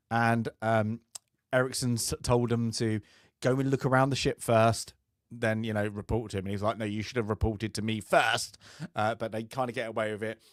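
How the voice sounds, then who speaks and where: A man in a relaxed film-podcast chat, rambling through an anecdote and breaking into laughter, slipping into the voices of the people in his story. His voice sits at an ordinary middle pitch and is recorded dry and close, with no room sound. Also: no room sound. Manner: chatty storyteller who laughs often and acts out quoted voices. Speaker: co-host of a film review podcast. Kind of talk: casual chat, telling an anecdote.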